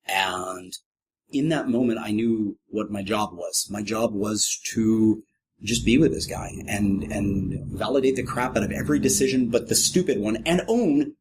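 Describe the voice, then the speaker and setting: A man's voice: unhurried, noisy background. A middle-aged man, a professional clown, guesting on a podcast and telling a story with wry, self-deprecating humor, jumping into quoted voices. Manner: lively, acts out quoted voices with big pitch jumps. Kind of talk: animated anecdotal storytelling.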